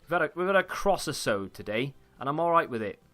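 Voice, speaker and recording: A man's voice: a little high, lively intonation, fast, pushed and bright, soft background music. A young man chatting casually while commentating his own football video game, rambling with frequent fillers and restarts. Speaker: gaming YouTuber.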